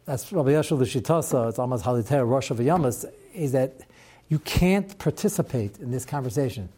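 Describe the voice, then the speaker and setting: A man's voice: medium pitch, lively intonation, brisk, mellow, slightly rough. A man teaching a Torah class to students, talking through a text with rhetorical questions and wry asides.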